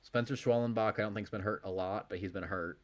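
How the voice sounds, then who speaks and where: Dry-humored low-voiced male co-host. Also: steady tone, brisk. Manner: dry, wry, loosely rambling. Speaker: podcast co-host. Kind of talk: casual sports chat.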